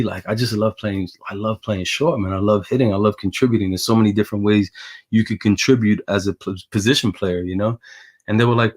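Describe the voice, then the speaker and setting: Lively New man telling stories. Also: lowish voice, fast. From Brooklyn, New York. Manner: animated storyteller who acts out quoted voices. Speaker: guest, former baseball pitcher. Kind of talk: casual storytelling interview.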